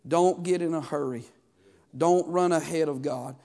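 Man, pastor, fervent sermon, high voice, call-and-response. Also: moderate pace, a little mellow. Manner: preaching with rising fervor and call-and-response questions.

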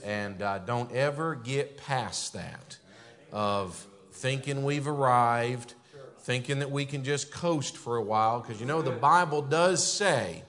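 Casting northern US man, visiting pastor at the pulpit, mid-range voice, chatty filler-heavy church talk. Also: slow pace. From northern United States. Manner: frequent "and, uh" fillers, grows louder and higher when exhorting. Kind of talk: church pulpit greeting and testimony. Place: church sanctuary.

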